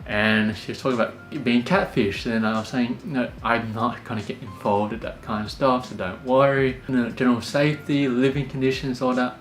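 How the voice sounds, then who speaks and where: A young Australian man calmly telling a personal story, full of fillers and restarts. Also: mid-range voice, moderate pace, hardly any pauses, a little hiss or hum. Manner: calm, many fillers and restarts. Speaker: podcast host. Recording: echoey room with faint music.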